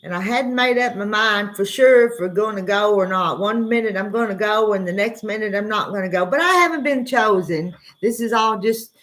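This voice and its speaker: A woman's voice: mid-range voice, moderate pace, few pauses, a bit bright. A woman with a Southern US accent hosting an early-morning livestream, rambling in a laid-back way and greeting her viewers by name. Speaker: livestream host. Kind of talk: casual livestream chat.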